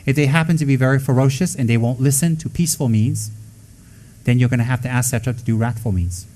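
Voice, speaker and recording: A man giving a Buddhist dharma talk to students, blunt and scolding, with joking asides and quick acted-out quotes. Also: medium pitch, mellow, poor audio. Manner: acts out quoted voices. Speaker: Buddhist teacher.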